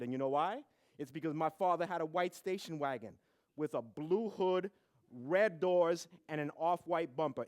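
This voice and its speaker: A young man from the South Bronx giving a humorous, animated storytelling talk. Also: on the high side. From South Bronx, New York. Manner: humorous, animated storytelling with acted family quotes.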